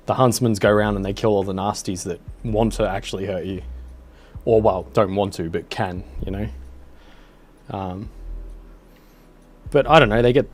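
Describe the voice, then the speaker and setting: A man's voice: lowish voice, darkish tone, a little hiss or hum. A man streaming a game, chatting casually in a laid-back, hesitant, mumbling way. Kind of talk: casual gameplay commentary.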